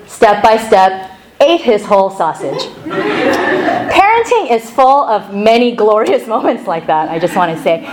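Starting a sermon, a middle-aged female pastor shares a lively personal anecdote in a conversational way, with occasional laughter. She speaks somewhat high, captured in rough audio.

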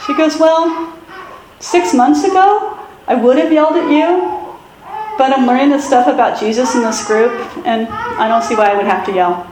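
A woman pastor giving a sermon in a conversational, self-deprecating way with animated asides. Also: high voice, normal speed, echoey room, background noise.

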